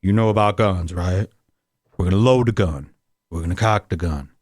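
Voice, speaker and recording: A low, deliberate schemer mutters through a plan step by step, as a comedian puts him on. The voice drops deep and quiet. It sounds dry and near. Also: male voice, dry recording. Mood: menacing. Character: menacing man coldly laying out a plan.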